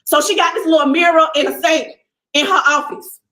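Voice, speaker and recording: A young woman telling viewers a personal story in casual, animated speech, acting out what people said to her. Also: very high voice, fairly quick, echoey room, rough recording.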